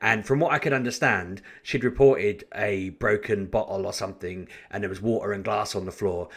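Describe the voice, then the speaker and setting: A man telling a story in a casual vlog, in an animated, chatty way with frequent restarts. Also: fairly low pitch, normal speed, vocal fry. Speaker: vlogger.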